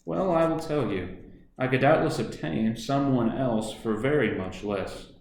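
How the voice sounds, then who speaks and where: A man voicing a smooth, scheming middle-aged businessman in a storybook reading, coaxing in manner. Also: mid-range voice, measured pace, darkish tone. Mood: smooth persuasive. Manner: suave, coaxing, then menacing. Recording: echoey room.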